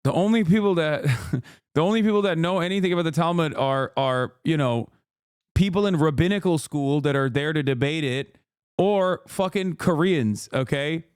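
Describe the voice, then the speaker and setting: A man's voice: fairly high pitch, moderate pace, darkish tone, clear, resonant tone, no echo, clean studio sound. A man streaming and reacting to clips in a heated, profane rant, laughing now and then between points. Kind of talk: casual reaction commentary.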